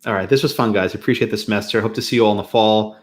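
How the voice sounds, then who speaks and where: A man's voice: lowish voice, very fast. A man from New York, a law professor, telling a personal story to his class with frequent chuckles and restarts. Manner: animated storyteller, chuckles often, self-interrupts. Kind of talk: lecture with a personal anecdote.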